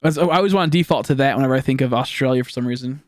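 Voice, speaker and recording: Rapid-fire and mid-range, a young man's voice comes through a dry, studio-quality recording. He's from Texas, speaking with a Texan accent as he plays a game live, rambling, swearing and joking with his viewers.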